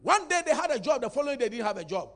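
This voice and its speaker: Very high-pitched man, lively preacher, teasing and rousing his congregation. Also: racing. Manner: animated, playful, calls for congregation response. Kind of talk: sermon.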